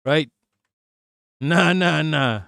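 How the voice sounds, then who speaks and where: Man, streamer host, somewhat high voice, profane mocking rant, dry close sound. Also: extremely slow, gravelly, a bit bright, clean tone, dry recording. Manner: profane, mocking, laughs often. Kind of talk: casual reaction rant.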